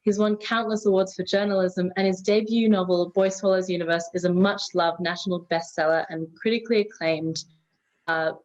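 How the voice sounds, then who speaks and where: A woman's voice: on the low side, fairly even intonation, fairly quick, a little mellow. A woman hosting an event, reading out a formal guest introduction on a video call. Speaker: event host. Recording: muffled lo-fi video call audio.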